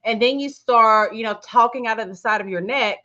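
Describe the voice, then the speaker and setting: A woman co-hosting a casual chat, blunt and profane, swinging between flat asides and loud outbursts. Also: fairly high pitch, a little fast. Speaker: podcast co-host. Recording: dull lo-fi sound.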